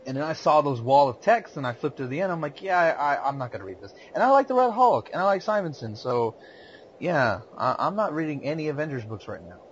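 A man's voice: on the high side, very animated, brisk. A man casually chatting about comics, hesitant, with many stammered restarts. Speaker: comic book podcast co-host. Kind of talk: casual chat. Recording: dull lo-fi sound with faint ambient noise.

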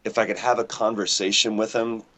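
A man's voice: on the low side, level tone, brisk, fairly bright tone. A man talking casually as an interview guest over an internet call, rambling and joking at his own expense, with aircraft noise faint behind him. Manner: rambling, jokey, self-deprecating. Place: home near an airport.

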